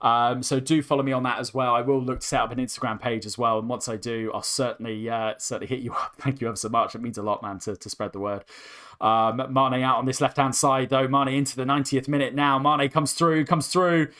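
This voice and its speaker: A young man hosting a live football watchalong, commentating with rising excitement as his voice starts to go hoarse. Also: mid-range voice, quick pace. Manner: excitable, voice climbs sharply with the action. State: voice going hoarse. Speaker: host.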